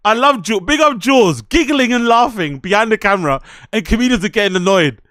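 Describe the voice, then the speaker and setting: A man streaming a loud, profane, mocking rant in reaction to clips, often shouting. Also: high-pitched, expressive, brisk. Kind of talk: ranting reaction commentary.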